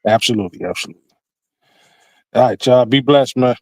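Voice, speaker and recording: A man's voice: medium pitch, brisk, darkish tone, no room sound. An older man rambling and joking as a guest on a livestream panel, fond of doing impressions. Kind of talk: casual chat on a livestream.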